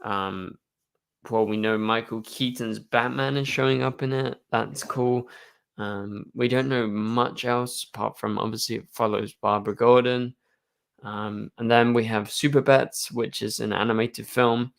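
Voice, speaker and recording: A man's voice: mid-range voice, steady tone, measured pace, creaky. A young man hosting a live stream, chatting casually and answering viewer questions, rambling with lots of fillers. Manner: rambling, full of "like" and "um".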